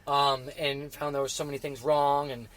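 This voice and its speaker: A middle-aged man speaks in an ordinary mid-range voice, talking casually and haltingly. He restarts his sentences often and leans on fillers. His voice grows emotional as he recalls hard moments. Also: mid-range voice, level tone, fairly bright tone. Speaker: guest. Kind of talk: casual interview chat.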